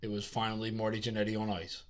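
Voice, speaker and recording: A man's voice: on the low side, monotone, fast talker. A man co-hosting a podcast in casual chat, joking crudely and swearing often. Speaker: podcast co-host.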